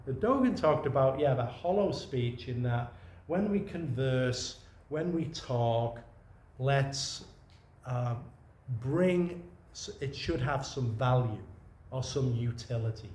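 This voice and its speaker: Speaking slowly but with animation, this medium-pitched man is a Zen teacher offering a casual dharma talk at a meditation retreat. He wanders conversationally, frequently restarts his sentences, and slips in gentle asides, while the room lends an echo and faint ambience.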